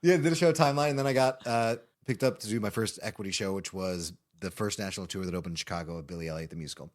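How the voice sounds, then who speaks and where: A man from Illinois in his thirties tells stories from his acting career in a relaxed podcast chat. His voice sits a little low, and he laughs often as he tells his anecdotes. He speaks in a loose, animated storytelling way. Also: very fast. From Illinois, USA. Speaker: guest actor. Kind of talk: casual interview storytelling. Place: podcast studio.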